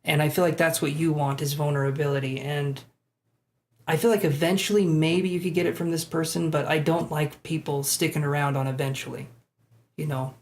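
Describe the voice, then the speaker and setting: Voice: mid-range voice, steady tone, brisk. A tarot reader giving live-stream readings in a casual, chatty way, with self-deprecating asides.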